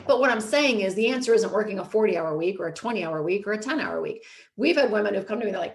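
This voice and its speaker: A woman's voice: medium pitch, animated, quick pace, reverberant. Chatty woman coaching listeners. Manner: chatty, frequent "like" and "you know". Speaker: host and coach. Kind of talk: casual podcast talk.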